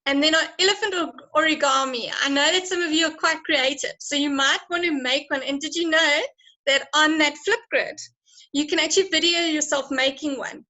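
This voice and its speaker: A South African woman teacher with a bright, high voice leads an online class lesson, sounding encouraging and chatty and laughing often. Her intonation stays fairly even at a moderate pace, and the recording quality is low.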